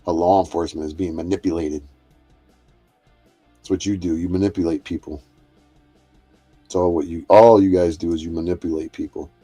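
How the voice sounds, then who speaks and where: A man's voice: low voice, dark tone. A man hosting a livestream, delivering a profane and confrontational rant that keeps circling back on itself. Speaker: livestream host. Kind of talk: angry ranting monologue.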